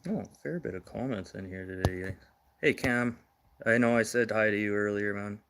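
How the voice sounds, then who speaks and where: A man's voice: fairly low pitch, moderate pace, noisy background. A middle-aged man from Manitoba, hosting a casual livestream news show, blunt and ranting, swearing now and then. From Manitoba, Canada.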